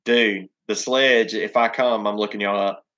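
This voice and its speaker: Southern man, rambling profane stream host, lowish voice, dull lo-fi sound. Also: steady tone, normal speed, a bit bright. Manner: rambling, profane, many ums and restarts. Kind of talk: casual live chat reading comments.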